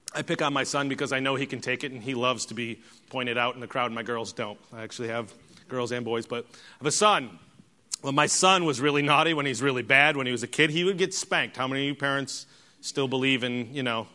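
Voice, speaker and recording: Man, sermon, rhetorical questions, bright tone. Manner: preaching, swinging from hushed to loud and high; direct address to congregation, rhetorical questions. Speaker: pastor.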